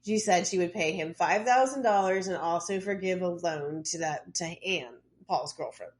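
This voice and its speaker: A woman's voice: lowish voice, moderate pace. A woman co-hosting a podcast, casually retelling a case with loose asides and lots of "like.". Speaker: podcast co-host. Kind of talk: casual true-crime storytelling.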